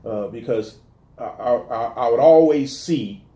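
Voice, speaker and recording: A man from the telling stories in a casual interview, animated and restarting his sentences often. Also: medium pitch, a little slow, roomy sound. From American South. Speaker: guest talking about his life.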